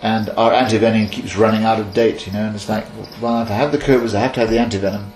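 A man from Kenya in his sixties, an animal handler telling stories in a lively, laughing way and acting out bits of dialogue. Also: lowish voice, fast. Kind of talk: casual interview storytelling. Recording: echoey room with mains hum.

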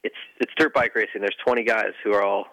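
A man in a casual motocross chat, easygoing and explaining calmly with lots of fillers. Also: fairly low pitch, fast talker, no echo, low-quality recording. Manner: easygoing, hedging with fillers, explains medical procedure.

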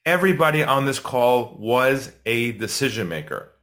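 A middle-aged man tells a sales story as a podcast guest, acting out each voice in the room. His pitch sits in the middle and swings widely, and he speeds up and slows down to build suspense. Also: slight background noise. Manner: animated storyteller, acts out quotes, builds suspense.

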